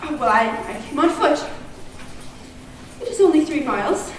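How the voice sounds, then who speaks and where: A woman's voice: sits high, expressive, slight background noise. A young woman as a flustered, spirited young lady. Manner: flustered, halting. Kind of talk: amateur stage play. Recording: echoey hall from far off.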